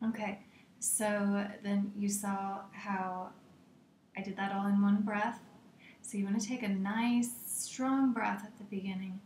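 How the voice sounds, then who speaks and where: A woman teaching a guided meditation in a slow, gentle way, often slipping into a soft whisper. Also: mid-range voice, flat delivery, echoey room, a little hiss or hum.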